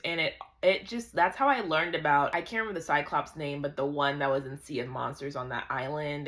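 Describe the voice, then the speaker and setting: Chatty low-voiced woman ranting about a book. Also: vocal fry, a bit bright. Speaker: book vlogger. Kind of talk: casual book recap.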